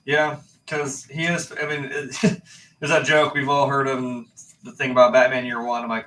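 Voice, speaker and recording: A man's voice: medium pitch, little pitch movement, unhurried, a bit bright. A man in casual chat on a livestream, rambling and laid-back, swearing now and then. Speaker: livestream co-host. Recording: roomy, distant mic with faint noise.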